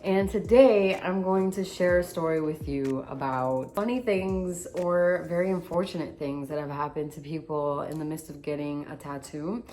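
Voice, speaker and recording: A woman's voice: sits low, normal speed, few pauses. A young woman, a tattoo artist, telling stories in a casual vlog and acting out the voices of the people in them. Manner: animated storyteller, reenacts voices.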